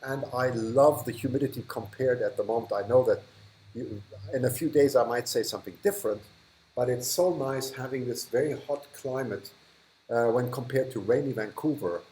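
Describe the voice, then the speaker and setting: A man's voice: mid-range voice, normal speed, a little mellow, a little hiss or hum, rough recording. A man hosting a live stream from a hot, humid indoor room, chatting casually as he reads and thanks viewers, often restarting sentences and chuckling. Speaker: livestream host.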